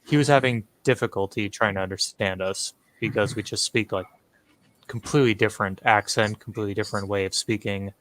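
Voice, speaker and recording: Midwestern American male co-host, resonant low voice, measured explainer. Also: a bit bright, clear, resonant tone, no echo. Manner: explanatory, measured, builds points in lists. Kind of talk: casual chat.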